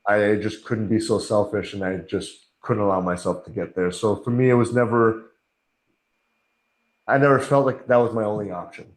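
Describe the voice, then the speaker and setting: A man's voice: on the low side, steady tone, normal speed. A middle-aged man guest on a podcast, talking earnestly and candidly, often acting out his own inner voice in quotes. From Canada. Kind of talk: conversational interview. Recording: echoey room.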